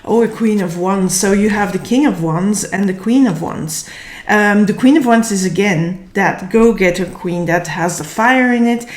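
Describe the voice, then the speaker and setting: A woman giving a casual tarot reading, slightly hoarse and tired, thinking aloud and searching for words. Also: mid-range voice, normal speed. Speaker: tarot reader. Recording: echoey room.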